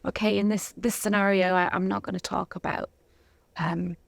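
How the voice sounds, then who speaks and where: A woman from Zimbabwe with a mixed Southern African and British accent, chatting as an interview guest, laughing often and pausing with ums. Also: mid-range voice, fairly even intonation, vocal fry, dry recording. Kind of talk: casual interview chat.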